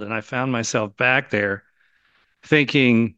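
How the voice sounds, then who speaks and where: A man's voice: mid-range voice, unhurried, fairly bright tone, no room sound. A man co-hosting an online Bible study, talking casually as he invites questions. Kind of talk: casual conversational moderating. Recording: dry, dull lo-fi audio.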